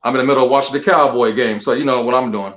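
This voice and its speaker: A man guest in a casual group chat, relaxed and chatty. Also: mid-range voice, racing, over a noisy crowd. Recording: dull lo-fi audio.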